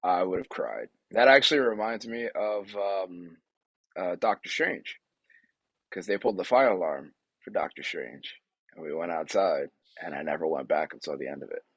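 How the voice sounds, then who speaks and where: A man's voice: low voice, expressive, normal speed, a bit bright, breathy edge, no echo. A young man co-hosting a podcast, chatting easily about a film and laughing often. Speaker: podcast co-host. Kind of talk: casual film review chat.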